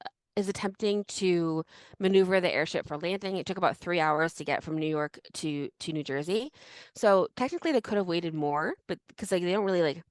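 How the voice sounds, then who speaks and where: A woman's voice: fairly low pitch, no echo, low-quality recording. A woman co-hosting a history podcast, telling a story in a loose, chatty way with lots of "like" and restarts. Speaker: podcast co-host. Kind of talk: casual history chat.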